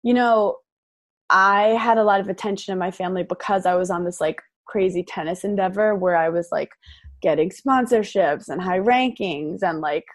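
A woman's voice: medium pitch, normal speed, dry recording, studio quality. A young woman, a podcast guest, tells stories in a chatty, rambling way full of fillers. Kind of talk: casual storytelling chat.

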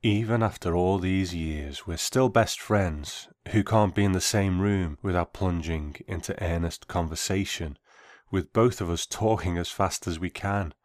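A man reading a first-person story aloud in a measured, reflective way. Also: low voice, no echo, studio quality.

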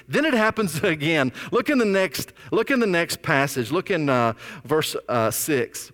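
A man preaching a sermon, telling stories in a conversational, animated way. His voice sits a little high. A long hall reverb trails behind him. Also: measured pace, hardly any pauses. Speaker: pastor.

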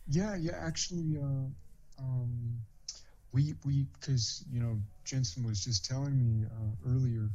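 Male caller, mellow dark tone, hesitant, muffled call audio. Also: mid-range voice, unhurried. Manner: hesitant, many fillers. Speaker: guest on a call.

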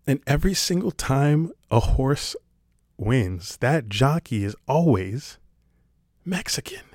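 A man's voice: mid-range voice, lively intonation, takes it slowly, darkish tone, no echo, studio quality. A man talking to camera in a casual comedic monologue, sarcastic and rambling, swearing casually. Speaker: vlogger.

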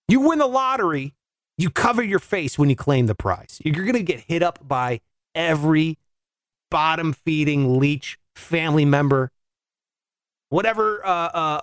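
A man's voice: high-pitched, no echo, clean studio sound. A man riffing comically on news stories in a loose, joking way, laughing between his lines.

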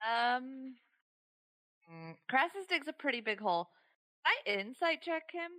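Bright, playful woman player. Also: sits high, big pitch swings, unhurried. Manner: playful, with hesitant fillers. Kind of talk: tabletop game play.

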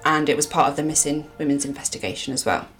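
A woman from England telling a true crime case in a casual chat, with dramatic pauses. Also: low voice, soft background music.

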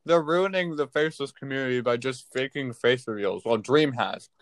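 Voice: medium pitch, normal speed, no echo. A young co-host chatting casually on a podcast, laughing often and getting flustered. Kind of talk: casual chat.

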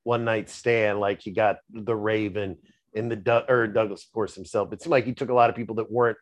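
A man's voice: fairly low pitch, fairly even intonation, a little fast. A man interviewing a guest, asking curious, conversational questions.

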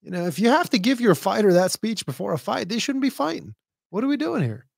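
A man hosting a podcast in casual, profane chat about fighting, animated and mocking as he retells stories. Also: sits high, fast, gravelly, no echo, clean studio sound. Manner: profane, animated, mocks others' shouting. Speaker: podcast host; former fighter.

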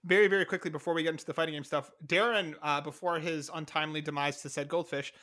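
Fast-talking, bright-voiced male podcast host. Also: fairly high pitch. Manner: excitable, quick, swears casually. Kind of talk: casual chat.

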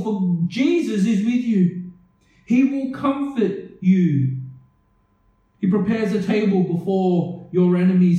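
Slow, echoey preaching man. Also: sits high, warm tone, lo-fi sound. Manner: earnest preaching, repeated rhetorical questions. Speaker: pastor. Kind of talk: sermon. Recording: echoey room, voice from a distance.

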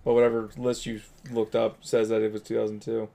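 A man's voice: on the low side, monotone, a little fast, vocal fry, mellow. A man co-hosting a podcast, joking and bantering casually. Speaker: podcast co-host. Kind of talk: casual chat.

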